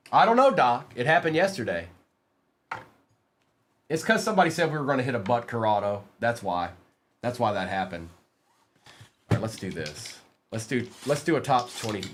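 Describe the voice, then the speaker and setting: A man's voice: mid-range voice, background noise. A man hosting a live card-break stream, reading out player names as he opens packs and teasing his chat in a playful way. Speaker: livestream card break host.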